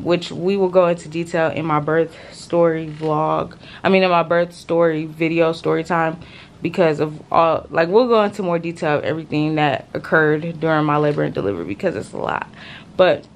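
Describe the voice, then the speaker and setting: A young woman vlogging casually to her viewers from a hospital room, tired and using relaxed slang. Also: fairly low pitch, a little hiss or hum. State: exhausted. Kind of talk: casual talk to camera.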